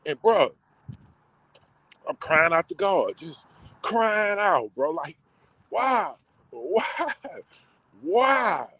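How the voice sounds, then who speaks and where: A man's voice: on the high side, expressive, slow pace, pauses often, a bit bright, no room sound. A man in casual, emotional storytelling, talking in slang with many fillers. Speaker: vlogger. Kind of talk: casual personal storytelling to camera.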